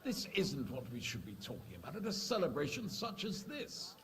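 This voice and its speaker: An actor playing a composed, worldly male knight in a game, speaking calmly and with a dry edge. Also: on the high side, normal speed.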